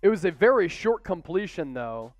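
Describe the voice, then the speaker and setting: A man hosting a live sports watch party, calling plays and cheering loudly. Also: high voice, moderate pace, no room sound, soft background music. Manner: excitable, shouts chants and play-by-play calls. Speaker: host.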